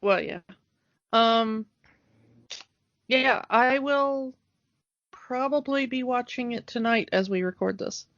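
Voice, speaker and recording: A woman's voice: on the high side, takes it slowly, pauses often, fairly bright tone, no echo. A woman co-hosting a nostalgic podcast in casual chat, hesitant and full of fillers. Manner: hesitant, lots of fillers, laughs easily. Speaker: podcast co-host. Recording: dry, dull lo-fi podcast mic.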